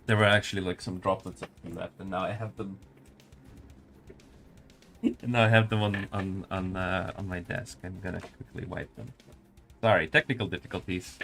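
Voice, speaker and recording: A man's voice: deep voice, fairly even intonation, normal speed, creaky, pauses often, a bit bright, faint music behind. A man working as a community manager, casually chatting with viewers and commenting on a match during a live stream. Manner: casual, answers chat while spectating a match.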